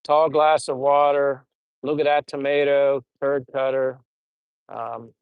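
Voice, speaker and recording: A man's voice: medium pitch, level tone, normal speed, smooth, dry recording, poor audio. A middle-aged man rambling through funny old stories while reading out live chat on a casual stream. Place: home in the Philippines.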